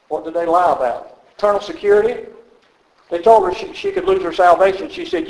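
A man's voice: sits high, fairly quick, darkish tone, reverberant, low-quality recording. An older man preaching a sermon as pastor, telling stories in a folksy way with frequent chuckles. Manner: storytelling, folksy, chuckles often. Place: church sanctuary.

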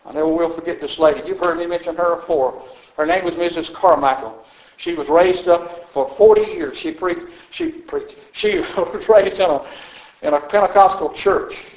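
A man's voice: fairly high pitch, moderate pace, echoey room, rough recording. An older man preaching a sermon as pastor, telling stories in a folksy way with frequent chuckles. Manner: storytelling, folksy, chuckles often. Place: church sanctuary.

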